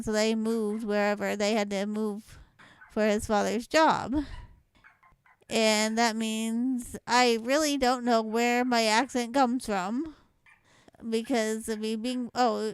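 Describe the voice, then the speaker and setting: A young woman vlogger from Louisiana, with a mild Southwest Louisiana accent, rambles and chats as she reads a word list, laughing between words. Her voice is a little high with a clean tone, and the recording is dry but rough.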